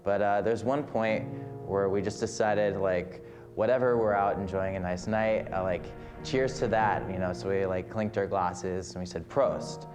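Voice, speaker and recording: A young man with a very low voice tells a story in a loose, rambling way, full of ums and likes. Guitar music plays clearly behind him. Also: steady tone, normal speed, few pauses. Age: young adult. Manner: rambling, many fillers. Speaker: film student. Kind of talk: casual anecdote.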